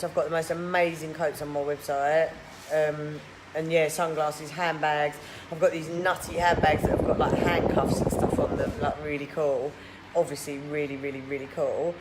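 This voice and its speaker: Brief: woman in her thirties, live stream host, blunt and mocking, casual swearing, noisy background. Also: low-pitched. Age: 30s. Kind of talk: live video chat reading viewer comments.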